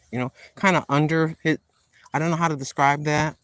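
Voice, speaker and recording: An older woman hosting a walking vlog outdoors in a park, chatting in a rambling way and addressing viewers as ladies and gentlemen. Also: low voice, brisk, no echo. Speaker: vlog host. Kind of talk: casual walking vlog chat.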